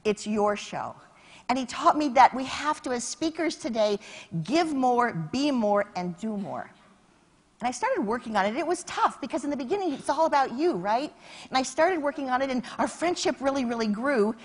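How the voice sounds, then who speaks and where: A middle-aged woman giving a lively storytelling keynote on a conference stage, acting out phone calls and shouting her punchlines. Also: fairly high pitch, slightly rough. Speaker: keynote speaker.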